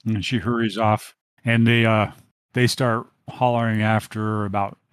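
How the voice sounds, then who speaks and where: A man's voice: fairly low pitch, level tone, moderate pace, smooth, dry recording. A man narrating as game master, rambling with many fillers.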